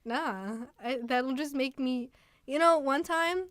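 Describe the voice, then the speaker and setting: A young woman co-hosting a casual podcast at home, playful and teasing with deadpan asides. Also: sits high, slow, dry recording. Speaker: podcast co-host. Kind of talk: casual chat.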